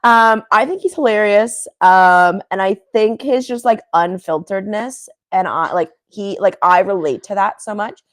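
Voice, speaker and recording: A woman's voice: medium pitch, moderate pace, hardly any pauses, no room sound. A young woman co-hosting a casual podcast, chatty and giggly, with lots of fillers. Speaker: podcast co-host. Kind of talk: casual chat.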